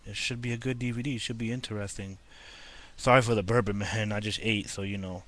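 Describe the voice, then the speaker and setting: A man's voice: lowish voice, fairly even intonation, quick pace, fairly bright tone. A young man casually reviewing a wrestling show for his video channel, rambling with lots of fillers. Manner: rambling, laid-back, filler-heavy. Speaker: wrestling vlogger.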